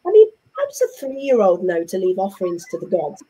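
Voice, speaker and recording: Guest, English woman, middle-aged, warm mellow voice, chatty and animated storyteller. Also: medium pitch, brisk, breathy edge. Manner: animated, chatty storyteller who acts out what others said. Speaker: interview guest. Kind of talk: casual conversational storytelling.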